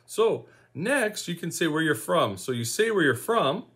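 Slow, lively-voiced man teaching a language. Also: a little high, breathy edge. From Saskatchewan, Canada. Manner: slow, encouraging, repeats words for learners. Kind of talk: video language lesson.

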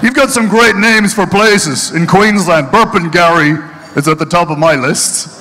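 Irish stand-up man, mid-life, bright and forceful delivery, a little higher pitch, hall echo. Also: moderate pace. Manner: punchy, mocking storyteller. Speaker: stand-up comedian. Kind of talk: live stand-up comedy. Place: stage at a charity event hall.

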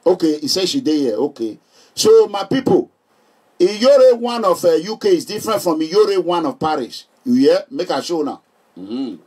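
A man's voice: fairly high pitch, moderate pace, breathy edge. A middle-aged Nigerian man chatting casually and joking with his viewers. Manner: animated, joking, laughs often. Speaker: vlogger. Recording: voice distant from the mic.

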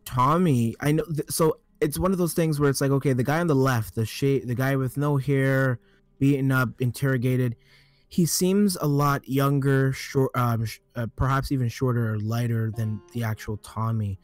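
A man's voice: medium pitch, normal speed, no echo, faint music behind. A man co-hosting a gaming podcast in casual chat, rambling and analytical, often restarting his sentences. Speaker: podcast co-host.

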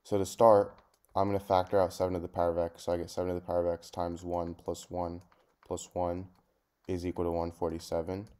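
Man, low voice, mellow tone, step-by-step math lesson, methodical. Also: monotone, a little fast. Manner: plain, methodical explaining, talking through each step. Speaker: math tutor.

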